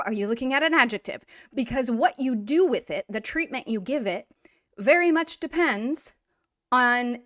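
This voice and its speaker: A woman with a slightly high voice runs a casual language lesson, talking it through in an upbeat, chatty way. She often slows down to repeat words for pronunciation. The sound is dry and close, with no room echo. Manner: lively, repeats and models pronunciations slowly. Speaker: Russian language teacher.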